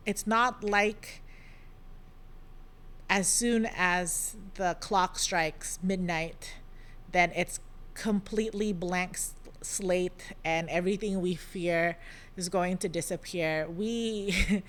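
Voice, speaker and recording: A woman hosting a podcast, giving a thoughtful devotional reflection in a gentle manner, pausing often with soft ums. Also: on the low side, clear, resonant tone.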